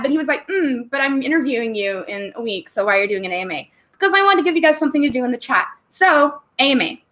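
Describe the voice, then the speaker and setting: A bubbly woman talks casually to her livestream viewers. Her voice sits a little on the high side, and she laughs easily and chats freely. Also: fairly bright tone. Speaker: livestream host. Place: home room.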